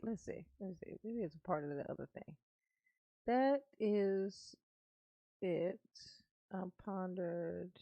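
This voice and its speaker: A woman hosts a casual livestream and talks to her viewers at an unhurried, drawn-out pace. Her voice has a gravelly rasp, and she swears freely. The sound is close and dry, with no room echo. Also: mid-range voice, dark tone, muffled recording. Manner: laid-back, swears freely, breaks into laughter. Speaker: livestream host reading viewer comments.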